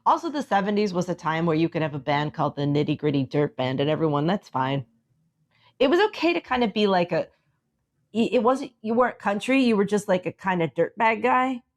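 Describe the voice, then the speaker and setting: Low-voiced woman telling a story. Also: a little fast. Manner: animated storyteller, acts out dialogue, frequent "like". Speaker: podcast co-host. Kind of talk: casual chat.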